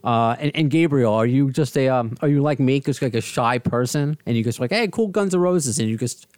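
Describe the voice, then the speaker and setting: A man's voice: mid-range voice, a little fast, darkish tone, no echo, studio quality. A man from the United States hosting a casual interview, rambling and self-deprecating. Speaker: host. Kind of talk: casual video-call interview.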